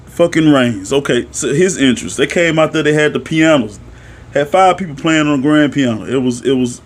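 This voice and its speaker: A young man excitedly recapping a wrestling show in a casual, profane, animated way, jumping to shouts at the big moments. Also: medium pitch. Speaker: wrestling reaction vlogger.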